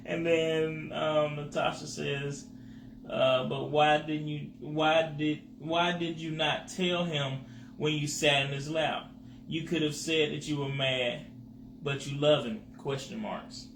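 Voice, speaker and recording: A man co-hosting a casual chat with his wife, calmly reading viewer comments aloud. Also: a little high, vocal fry. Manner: slow, laid-back, reads comments aloud. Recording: roomy with faint noise.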